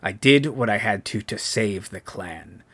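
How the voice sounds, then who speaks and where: A man voicing a haughty male dwarf clan scion who speaks in a slow, clipped, menacing way. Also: fairly low pitch, a bit bright, husky, heavily acted. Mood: cold, haughty.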